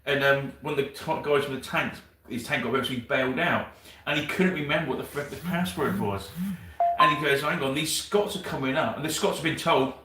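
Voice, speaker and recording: A man's voice: mid-range voice, brisk, bright, forceful tone, slight background noise. A man chatting casually on a livestream, telling rambling stories and swearing freely. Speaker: co-host of a wargaming livestream. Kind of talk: casual chat. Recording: roomy sound from a distant mic.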